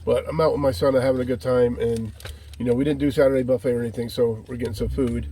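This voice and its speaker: Man van-lifer, folksy and rambling, average pitch, handheld phone sound with light background noise. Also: fairly even intonation, fast talker, warm tone. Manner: folksy, rambling, calls viewers "folk". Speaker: vlogger living in a van. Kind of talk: casual vlog chat. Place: outdoors by water and inside a van.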